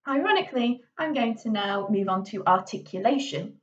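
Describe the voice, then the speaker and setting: Chatty high-voiced woman teaching drama. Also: lively intonation, a little fast, hardly any pauses. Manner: chatty, demonstrates each skill aloud. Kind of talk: casual video tutorial. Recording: slightly distant dull lo-fi mic.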